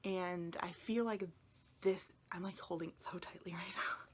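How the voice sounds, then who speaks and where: A woman's voice: fairly low pitch, fairly even intonation, moderate pace, husky. A woman chatting casually to viewers in a vlog, emotional and close to tears, rambling and often dropping into a whisper. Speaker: tarot video creator.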